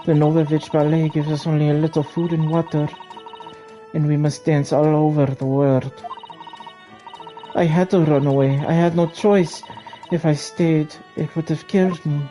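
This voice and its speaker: A man voicing a timid young female runaway ballerina, speaking softly and earnestly while reading game dialogue aloud. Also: on the high side, flat delivery, moderate pace, soft background music, voice pushed up, close to an everyday voice. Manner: soft, earnest, apologetic pleading.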